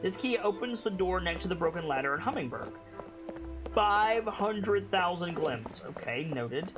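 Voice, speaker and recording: A woman's voice: fairly low pitch, lively intonation, unhurried. A woman streamer reading out in-game prices and reacting dryly while playing, with game music behind. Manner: reads prices aloud, dry reactions. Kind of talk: gameplay commentary.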